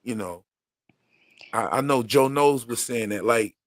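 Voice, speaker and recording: Animated laughing man, dry close mic. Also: medium pitch, measured pace, no echo. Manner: animated, laughs often, swears freely. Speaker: live stream co-host. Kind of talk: casual chat reviewing a TV episode.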